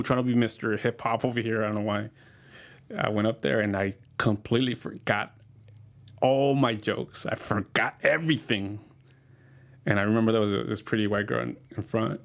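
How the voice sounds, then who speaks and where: A comedian casually telling rambling, profane stories about his past and often laughing as he talks. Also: lowish voice.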